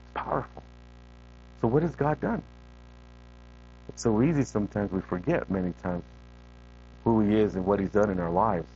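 A man preaching a sermon as a guest preacher in a church, animated and conversational, repeating words for emphasis and talking straight to the congregation. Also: lowish voice, normal speed, pauses often, muffled recording, faint music behind.

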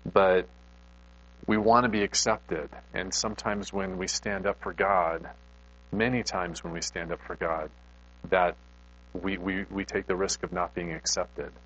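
Man, low-pitched, chatty extrovert preacher, self-deprecating storyteller. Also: measured pace, dull audio. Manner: storytelling, animated, self-deprecating, frequent restarts. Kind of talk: conversational sermon.

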